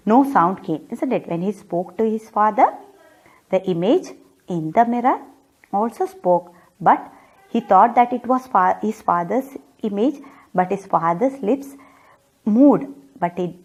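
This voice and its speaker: Woman teacher, husky voice, reads a story to a class, repeats lines, asks questions, explains words. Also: mid-range voice, darkish tone.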